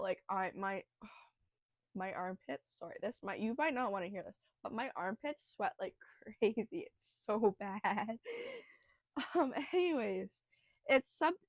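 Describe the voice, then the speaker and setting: A woman's voice: medium pitch, no room sound. A young woman hosting a casual educational podcast, nervous and breathing heavily, rambling through the material with lots of fillers and self-deprecating asides. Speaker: student host explaining biology.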